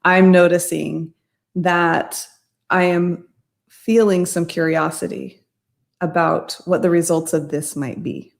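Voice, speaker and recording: Middle-aged woman, casual storytelling talk, rambling and self-correcting, slightly low voice. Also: fairly even intonation, slow pace, gravelly. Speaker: mindset coach.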